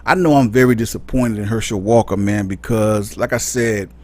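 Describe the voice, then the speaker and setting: A man's voice: lowish voice, normal speed. A man hosting a casual commentary segment, talking in an exasperated, incredulous way and rambling with frequent restarts. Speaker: commentary channel host.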